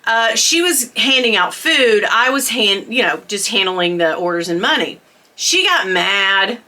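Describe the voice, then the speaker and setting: A middle-aged woman vlogger telling a storytime, chatty and animated, laughing often. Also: mid-range voice, a little slow. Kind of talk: storytime chat.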